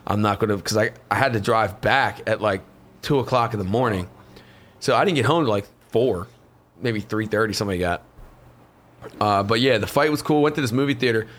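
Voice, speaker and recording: A man in casual chat, co-hosting a podcast and telling stories in a profane, animated way. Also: lowish voice, fairly quick.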